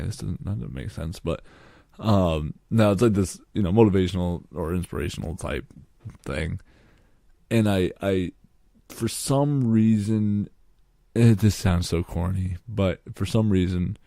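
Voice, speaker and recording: A man's voice: low-pitched, creaky, warm tone, no echo, clean studio sound. A young man hosting a casual podcast, rambling and joking with lots of swearing. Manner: profane, rambling and jokey. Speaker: podcast host.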